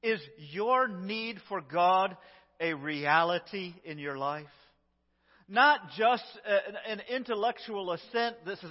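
A man preaching a sermon as pastor, his delivery emphatic and swinging between loud lines and hushed ones. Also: high voice, lively intonation, measured pace. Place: church sanctuary. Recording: lo-fi echoey church recording.

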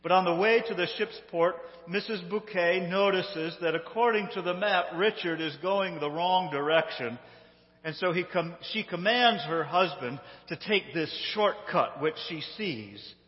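Animated man retelling a story. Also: sits high, measured pace, big-room sound, dull audio. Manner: animated, amused, conversational. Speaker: storyteller retelling a sitcom episode. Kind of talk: casual spoken retelling. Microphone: handheld phone.

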